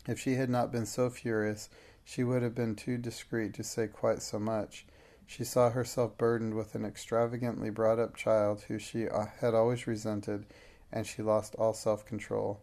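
Reading from a script, a male audiobook narrator with a voice on the low side gives a classic novel a steady, measured narration.

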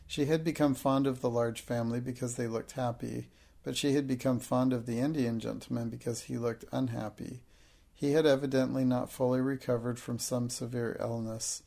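A man reading a classic children's novel aloud as an audiobook, in steady, measured storytelling. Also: medium pitch, vocal fry. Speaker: audiobook narrator.

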